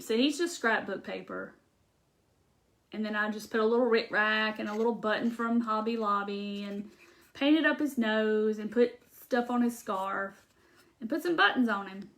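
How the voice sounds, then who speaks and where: A woman chatting casually on a live craft stream, reading out viewer comments and rambling warmly with ums and laughs. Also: mid-range voice.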